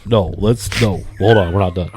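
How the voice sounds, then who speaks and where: A man co-hosting a podcast in casual, profane chat, shifting between low mumbling and sudden loud bursts. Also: normal speed. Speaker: podcast co-host.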